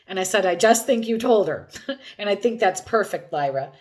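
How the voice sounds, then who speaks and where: Woman practitioner narrating a client session, mid-pitched, lifts her voice when quoting. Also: lively intonation, moderate pace. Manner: retells dialogue with many "I said, she said". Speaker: hypnosis practitioner. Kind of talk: recounting a session.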